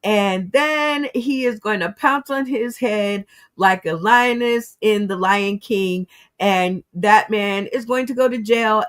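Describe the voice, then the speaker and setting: A woman's voice: mid-range voice, a bit bright. A woman hosting a casual commentary show, giving her opinions on the news and speaking straight to her audience. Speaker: host.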